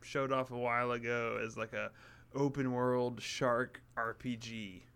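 Relaxed man explaining a game. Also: medium pitch, a little slow, clean tone. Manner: relaxed, explanatory, lots of fillers. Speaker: podcast co-host. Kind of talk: casual gaming chat.

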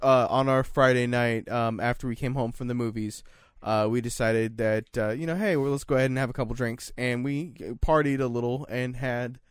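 A young man co-hosting a podcast, laid-back and swearing, talking in halting bits with restarts. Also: mid-range voice, steady tone, smooth, dry recording, clean studio sound. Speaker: podcast co-host. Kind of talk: casual chat.

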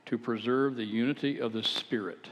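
A man's voice: mid-range voice, steady tone, normal speed. Man preaching in a reverberant hall. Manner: earnest, rising to emphatic exhortation. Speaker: pastor. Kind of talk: sermon.

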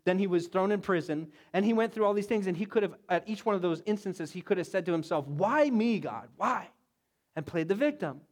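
A male pastor preaches with a lively, storytelling delivery, acting out the voices of biblical figures as he goes. His voice sits fairly high for a man. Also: quick pace, hardly any pauses. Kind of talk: sermon.

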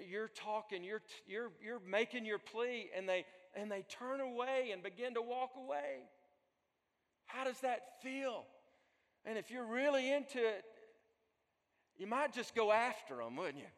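A male pastor preaching a sermon, swinging from loud pleading to soft, hushed storytelling. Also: high voice. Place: church sanctuary. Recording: long hall reverb.

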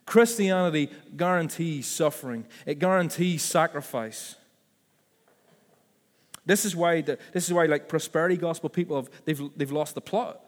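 Chatty pastor preaching in a hall. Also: male voice, a little high, normal speed. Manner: conversational, with asides and self-corrections. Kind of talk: sermon.

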